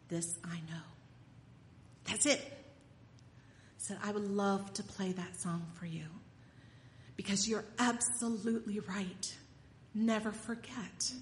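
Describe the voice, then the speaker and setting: A woman's voice: medium pitch, a bit bright. A woman preaching a sermon and leading a prayer, earnest and tender, swelling on key points. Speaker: speaker. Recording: echoey hall with long reverb, faint room noise.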